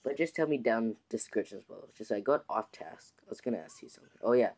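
A man's voice: fairly low pitch, expressive, quick pace, darkish tone. A man hosting his own gaming channel, chatting casually to viewers in a rambling way with many restarts and fillers. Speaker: gaming YouTuber host. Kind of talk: casual let's-play commentary.

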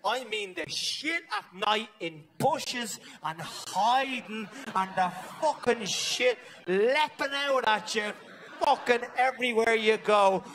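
Man, Dublin Irish accent, high voice, stand-up comedy, energetic, sweary, keeps asking right. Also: slow, vocal fry, a little hiss or hum. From Ireland. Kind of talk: live stand-up routine. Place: comedy stage.

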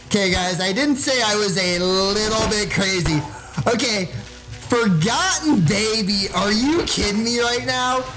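A man hosting a gaming channel, giving loud, excited gameplay commentary and yelling into his desk mic with sudden high shrieks. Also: a little slow, low-quality recording. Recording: music playing behind.

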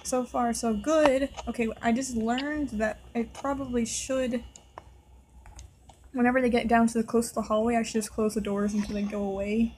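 A woman with a fairly high voice gives casual commentary on a scary video game. She sounds nervous and talks straight to the characters on screen. A faint noise sits under the recording. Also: fairly even intonation, moderate pace, darkish tone, poor audio. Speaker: gameplay video host. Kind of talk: casual let's-play commentary.

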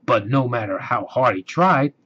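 A man reading a children's storybook aloud, slow and expressive. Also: medium pitch, breathy edge. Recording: dull lo-fi recording.

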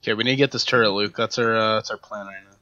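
A man playing an online game with friends, chatting casually and bursting into excited shouts. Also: on the low side, very fast, lo-fi sound. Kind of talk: casual gaming banter.

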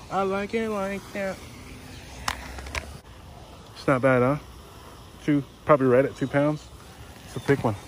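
A man, chatting excitedly to viewers in a casual fishing vlog, recorded outdoors by a pond. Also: medium pitch, a little hiss or hum. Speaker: fishing vlogger.

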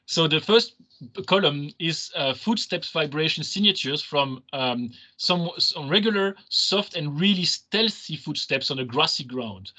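A seismologist giving a seminar over a video call, hesitant, with many restarts and fillers. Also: male voice, medium pitch, pushed and bright, poor audio. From Belgium. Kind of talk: academic seminar talk.

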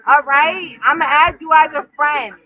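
Drunk high-voiced female streamer, slow drawl, teasing and giggly. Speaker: livestreamer. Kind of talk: drunk casual livestream banter. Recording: dull lo-fi stream audio.

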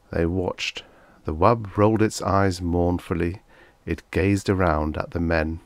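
A man reading a vintage science fiction story aloud as an audiobook narrator, in a measured storytelling manner. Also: low-pitched, fairly even intonation, gravelly, no room sound. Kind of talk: scripted narration.

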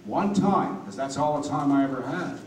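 A man's voice: on the high side, moderate pace, a little hiss or hum. A man speaking earnestly as a panel guest, recorded from far off in an echoey hall. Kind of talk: convention panel storytelling.

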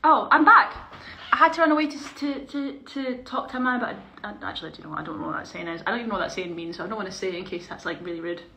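Bright, bubbly young woman chatting. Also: medium pitch, expressive, racing, few pauses. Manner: chatty, bubbly, drifting into quiet mutters. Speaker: performer hosting a live stream. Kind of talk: casual live-stream chat while doing makeup. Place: small indoor room. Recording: echoey room with faint hiss.

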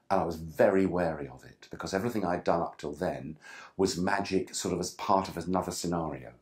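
An older man from England, telling self-deprecating stories as an interview guest, with frequent restarts and asides. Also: low-pitched. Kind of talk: relaxed anecdotal interview talk.

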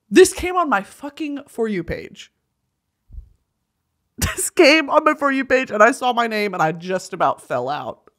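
A woman, hosting a comedic commentary show and swinging between shouts, whispers and laughter. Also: a little high. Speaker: host.

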